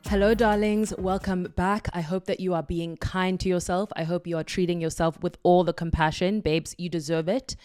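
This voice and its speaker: A woman's voice: fairly low pitch, fairly even intonation, normal speed, hardly any pauses, music in the background. A woman hosting her own podcast, talking solo in an effusive, affirming and playful way. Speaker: podcast host.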